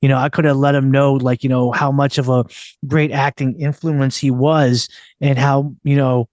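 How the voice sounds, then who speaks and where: A man's voice: medium pitch, little pitch movement, normal speed, a little mellow, no echo, studio quality. A man hosting a podcast, chatting casually and rambling with many fillers. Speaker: podcast host. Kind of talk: casual chat.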